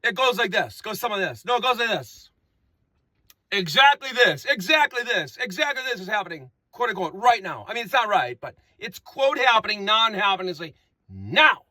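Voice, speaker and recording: High lively rambling man. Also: moderate pace, dry recording. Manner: rambling, repetitive, playful wordplay. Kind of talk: improvised comic monologue.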